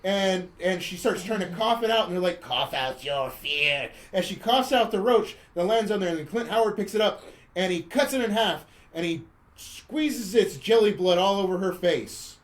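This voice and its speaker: A man's voice: sits high, moderate pace. A man hosting a podcast, casually retelling a movie's plot in a rambling, chuckling way. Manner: rambling, chuckling storyteller with restarts. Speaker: podcast host.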